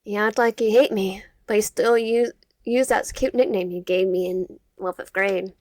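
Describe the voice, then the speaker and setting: A woman's voice: medium pitch, steady tone, normal speed, a little mellow, dry recording, natural voice. A woman reading aloud the lines of a young man in a leather jacket in a visual novel game, in an apologetic, pleading way.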